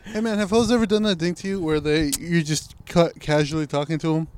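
A man with a smooth, resonant, somewhat high voice chatting on a podcast. He rambles in loose slang at an easy, laid-back pace. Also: steady tone, brisk, darkish tone. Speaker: podcast co-host. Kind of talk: casual podcast chat.

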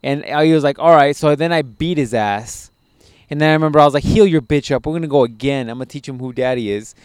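A young man hosting a podcast, telling profane, animated stories in a casual chat. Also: mid-range voice, fast talker, smooth, no echo, studio quality. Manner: profane, animated storytelling with laughs. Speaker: podcast host.

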